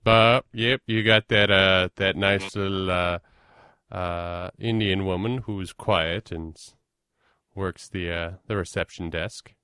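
A man's voice: low-pitched, fairly even intonation, slow pace, bright, forceful tone, smooth, no echo, studio quality. A Minnesotan man hosting a podcast, chatting casually in a rambling, self-deprecating way with plenty of fillers. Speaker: podcast host. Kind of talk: casual conversation.

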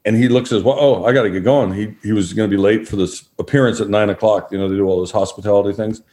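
A middle-aged man with a fairly low voice tells long, relaxed stories as a guest on a talk show. He slips into quoted voices of the people in his anecdotes. His pacing is easygoing and conversational. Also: fast. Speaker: guest, former sports broadcaster. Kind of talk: storytelling in a podcast interview.

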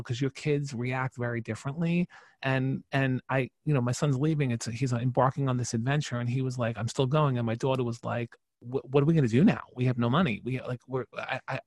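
A man in his forties, a podcast guest, telling a personal story with emphatic, animated delivery and frequent restarts. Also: medium pitch, no echo.

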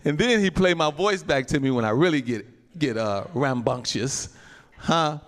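A man pastor preaching a sermon, calling out to the saints, laughing between lines and reading scripture slowly. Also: fairly high pitch, expressive. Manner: reads scripture slowly, then voices people's complaints.

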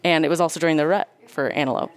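Fast-talking low-voiced woman telling a hunting tale. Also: smooth, no room sound. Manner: animated, quick, acts out quotes. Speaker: guest storyteller; hunter and nurse. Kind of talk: casual storytelling.

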